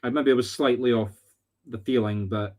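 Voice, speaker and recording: A man's voice: mid-range voice, steady tone. Scottish man giving earnest medium readings. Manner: earnest, halting, searching for words. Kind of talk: live-streamed spirit readings. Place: home live stream.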